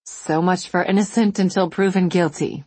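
A woman's voice: on the low side, steady tone, normal speed, darkish tone, slightly rough, dry recording, voice pushed up. A woman reading a story, voicing a dazed young woman who speaks wryly and a little breathlessly. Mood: wry shaken. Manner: wry, breathless.

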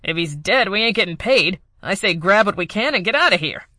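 A woman's voice: mid-range voice, lively intonation, a little fast, pushed and bright, no room sound, clean studio sound, voice pushed up. A woman narrator voicing a blunt female mercenary with a slangy way of talking. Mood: impatient.

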